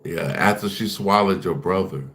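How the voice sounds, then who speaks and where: A man's voice: low voice, moderate pace, vocal fry, a bit bright, a little hiss or hum. A man on a casual livestream, taunting and dismissing his chat while repeating himself.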